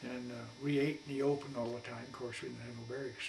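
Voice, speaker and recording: A man's voice: medium pitch, little pitch movement, fast talker, gravelly, a little mellow. Elderly man telling old stories, echoey. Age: 80s. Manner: rambling folksy colloquial storyteller. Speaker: war veteran interviewee. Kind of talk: oral history storytelling. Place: at his home. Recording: echoey room, distant mic, faint hum.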